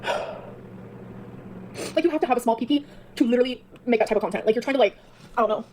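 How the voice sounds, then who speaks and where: A woman's voice: fairly high pitch, a little fast, darkish tone, slight background noise. A woman streamer venting in a bitter, profane rant. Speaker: streamer in a played clip. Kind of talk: angry livestream rant.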